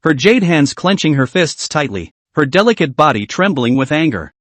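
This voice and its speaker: Man narrating with lively intonation. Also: fairly high pitch, normal speed, few pauses, dry recording. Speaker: recap narrator. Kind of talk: scripted narration.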